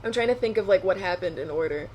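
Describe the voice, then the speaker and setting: A young adult woman co-hosting a podcast, chatting casually with quick asides and frequent laughter. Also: fairly low pitch, expressive, a little mellow, slight background noise. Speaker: podcast co-host. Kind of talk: casual chat.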